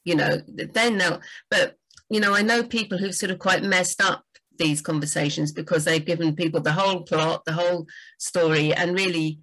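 A woman's voice: lowish voice, normal speed, fairly bright tone, low-quality recording. A woman, a book doctor, giving enthusiastic, chatty writing advice on a livestream. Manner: enthusiastic, chatty, frequent fillers.

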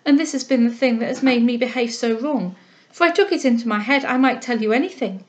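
An eager, heartfelt young woman, humble but impulsive, her voice lifted high and keen, as a woman reader puts her on. The lo-fi recording dulls the sound a little. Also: brisk, close to an everyday voice. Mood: earnest, eager. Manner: eager and heartfelt, speaking up with spirit.

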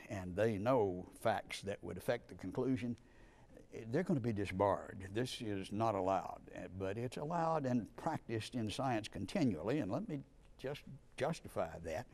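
Low-voiced man giving an emphatic lecture. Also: darkish tone. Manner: emphatic, argumentative, punchy stresses on key words. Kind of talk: conversational classroom lecture.

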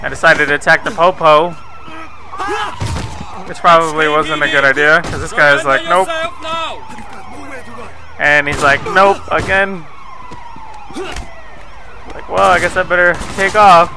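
A man's voice: on the high side, fairly even intonation, moderate pace, pauses often. A young man giving playful, profane commentary over his gameplay footage, mocking and teasing the characters on screen. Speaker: gameplay video host. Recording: background noise under the voice.

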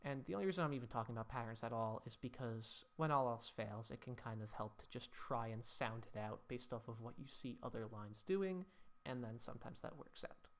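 A man's voice: medium pitch, expressive, brisk, slight background noise. A man teaching Latin poetry scansion, thinking aloud as he works through each line, with mock-dramatic sighs at the rule-breaking.

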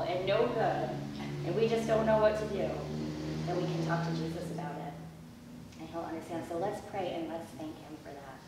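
Woman, children's sermon, gentle sing-song storytelling, loud background noise. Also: medium pitch. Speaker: children's message leader. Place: church sanctuary. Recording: echoey room from far off with background noise.

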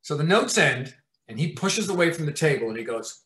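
A man, a TV writer-producer, telling profane, animated stories in an interview and acting out scenes. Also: on the high side, fairly quick. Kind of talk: anecdotal storytelling in an interview. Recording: roomy echo.

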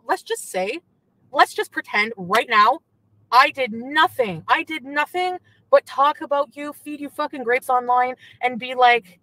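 A woman's voice: high voice, lively intonation, normal speed, a bit bright, poor audio. A woman streamer in a car, ranting furiously and profanely at an ex. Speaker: streamer in a played clip. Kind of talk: angry rant at an ex. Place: in a moving car.

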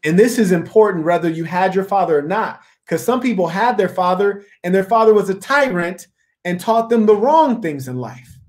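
A man's voice: high-pitched, lively intonation, moderate pace, a little mellow. A man hosting a discussion, talking in an emphatic, preachy way and repeating his key words for weight. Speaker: podcast host. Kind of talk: opinionated discussion.

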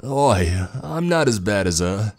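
A man's voice: deep voice, expressive, normal speed. A man voicing a brash young fighter with a thick put-on accent. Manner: brash, loud.

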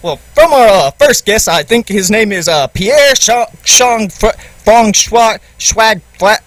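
A man's voice: sits high, animated, slow pace, fairly bright tone, exaggerated voice. A man playing a bumbling newsman co-host who hesitates constantly with uh and um. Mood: flustered. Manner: hesitant, full of uh and um.

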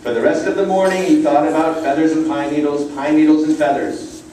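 A man gently reading a children's picture book aloud, adding casual asides. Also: on the high side, flat delivery, brisk, very noisy. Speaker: storybook reader. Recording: echoey room from far off.

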